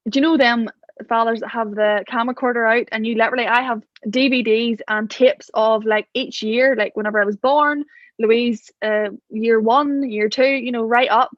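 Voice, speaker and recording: A woman guest on a podcast, chatting casually and telling animated stories. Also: a little high, moderate pace, dry recording, highs cut off. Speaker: podcast guest, business owner. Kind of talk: casual chat.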